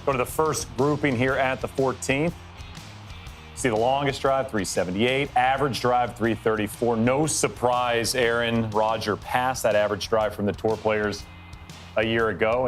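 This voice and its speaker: Lead golf caller, male, steady upbeat delivery over faint music. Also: on the low side, moderate pace. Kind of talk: play-by-play commentary.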